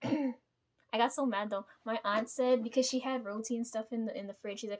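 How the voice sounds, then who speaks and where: A woman's voice: a little high, steady tone, a little fast, darkish tone. A young adult woman telling a casual personal vlog story, rambling with many fillers and tag questions and swearing freely. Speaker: vlogger.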